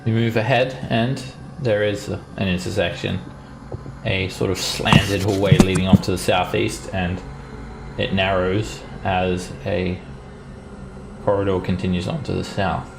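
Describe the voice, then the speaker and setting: A man running a tabletop game as dungeon master, describing rooms and traps in a steady narrating voice. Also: sits low, unhurried, creaky, over music. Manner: descriptive, steady scene-setting. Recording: background noise.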